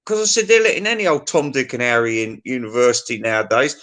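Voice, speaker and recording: A man's voice: medium pitch, quick pace, fairly bright tone. A middle-aged man in casual chat, telling stories in a sweary, ranting way.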